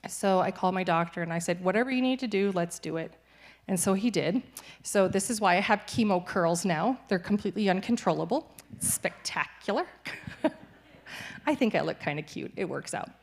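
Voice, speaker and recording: A woman's voice: medium pitch, fairly quick. A young adult woman, a missionary, giving a cheerful church testimony and laughing easily through hard news. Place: church sanctuary.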